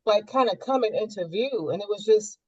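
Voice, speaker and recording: Woman talking it through slow, lots of ums, muffled dry call audio. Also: mid-range voice, lively intonation, mellow, breathy edge, dry recording. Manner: reflective, searching, with many fillers. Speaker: coaching session participant. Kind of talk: casual sharing in group session.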